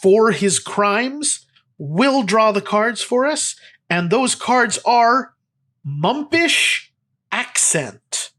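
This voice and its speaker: A man's voice: high-pitched, sing-song, extremely slow, pushed and bright. A man hosting a comedy podcast, rambling playfully with lots of fillers. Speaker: podcast host.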